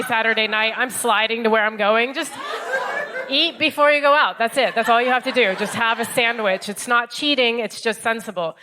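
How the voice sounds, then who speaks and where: An American woman in her thirties performing stand-up comedy in a club, wry and deadpan, acting out other people's lines. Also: a little high, noisy background. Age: 30s.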